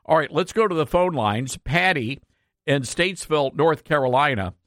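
A man's voice: a little high, animated, normal speed, fairly bright tone, no echo, clean studio sound. A man hosting a talk radio show, earnest and impassioned, often repeating himself for emphasis.

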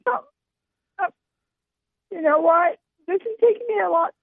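A woman caller on a radio show, crying and talking in halting, broken phrases. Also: extremely high pitch, creaky, dry recording. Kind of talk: emotional call-in. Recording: phone line.

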